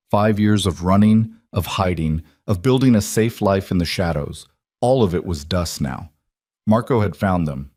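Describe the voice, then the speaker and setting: A male narrator reads a dramatic romance story in an even, storytelling way. His voice is on the low side. The sound is dry and close, with no room echo.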